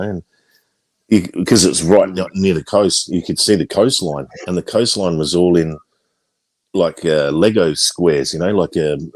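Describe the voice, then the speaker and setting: Casting note: very deep male voice, dry close sound, loose rambling anecdote with fillers and swearing. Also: darkish tone, no room sound. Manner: rambling storyteller, swears casually. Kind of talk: casual chat.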